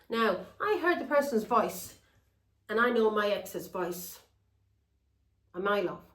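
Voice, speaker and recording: A woman's voice: lowish voice, roomy sound, rough recording. A woman telling a long, rambling personal story to her viewers. She talks bluntly and swears freely. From England. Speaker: tarot reader.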